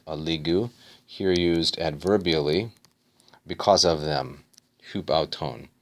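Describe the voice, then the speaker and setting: A man with an extremely deep, low voice gives a methodical grammar lesson. He parses each word one by one, in a patient teaching manner. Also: slow pace. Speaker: Greek teacher.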